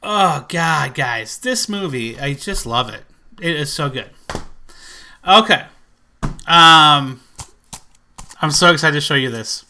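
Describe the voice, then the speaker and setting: Man, movie collector vlogger, rambly and excitable, lots of fillers, bright forward voice. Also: a little high, slow pace, long pauses, slight background noise. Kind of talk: casual collection vlog.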